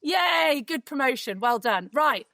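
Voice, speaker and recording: A woman's voice: on the high side, sing-song, a little fast, bright, forceful tone, no echo, studio quality. A woman hosting a podcast in casual chat, teasing her co-hosts with upbeat banter. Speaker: podcast host.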